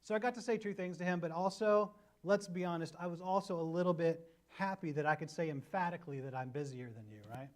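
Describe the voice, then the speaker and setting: A man in his thirties preaching a conversational sermon, telling stories with energy and often checking in with a quick "right?". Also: a little high. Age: 30s. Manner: animated storyteller, often adds "right?" to check in with listeners. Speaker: pastor.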